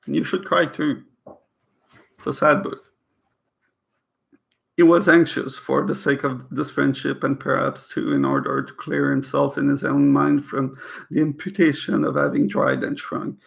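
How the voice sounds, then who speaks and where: In a gravelly, mid-range voice, a man reads a novel aloud casually. He stumbles over words, goes back to reread them, and breaks off for chatty asides.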